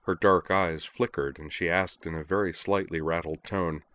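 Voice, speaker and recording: Low-voiced male narrator, measured story reading. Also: fairly even intonation, fairly bright tone. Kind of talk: reading fiction aloud.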